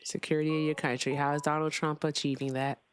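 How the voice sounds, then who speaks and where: A woman's voice: sits low, little pitch movement, fast talker, a little hiss or hum. A woman hosting a live call-in debate show, blunt and sarcastic, now and then swearing. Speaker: host.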